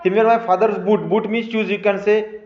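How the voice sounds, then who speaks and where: A man with an Indian English accent, teaching a class by reading a story aloud and explaining word meanings, slow and halting, with many fillers and restarts. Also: high-pitched, flat delivery. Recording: roomy, dull lo-fi recording.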